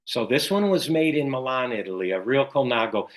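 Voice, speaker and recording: An older man from Chicago tells his stories as a guest in an interview. He talks casually and with animation, acting out the people he quotes. His pitch sits in a middling range. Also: fairly quick, low-quality recording. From Chicago, USA. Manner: animated storyteller who acts out quoted dialogue. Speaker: guest, cycling race announcer.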